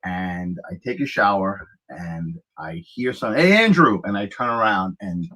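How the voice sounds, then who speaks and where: Husky-voiced middle-aged man telling stories. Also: sits low, moderate pace, poor audio. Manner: animated storyteller, acts out quotes. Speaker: guest, lifeguard. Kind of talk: casual conversational storytelling.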